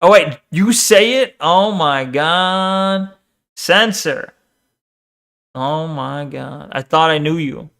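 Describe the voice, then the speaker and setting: A man's voice: on the high side, slow pace, gravelly, fairly bright tone. A man streamer giving casual, crude reaction commentary, teasing and laughing often. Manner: crude, profane banter.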